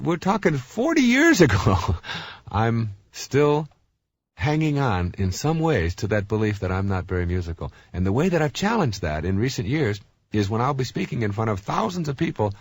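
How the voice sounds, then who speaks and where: A middle-aged man giving a recorded self-help talk, telling stories in an animated way with many fillers and restarts. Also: medium pitch, moderate pace, vocal fry, husky, no echo.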